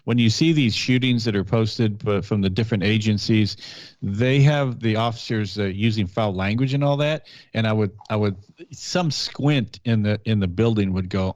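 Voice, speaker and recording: A man who is a police officer, telling stories in a casual podcast chat, blunt and animated, acting out what people said. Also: lowish voice, moderate pace, no room sound, dull audio. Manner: blunt, animated storyteller who acts out quotes.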